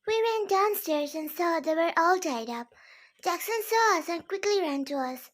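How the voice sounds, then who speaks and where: A woman's voice: very high voice, lively intonation, moderate pace. A woman narrating a first-person fan fiction story in an earnest, simple way.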